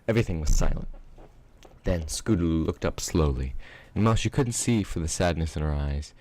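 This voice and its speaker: A man's voice: rumbling low, brisk. A man narrating a fan-fiction story aloud, reading steadily with the odd slip. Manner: steady read-aloud with small slips. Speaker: reader.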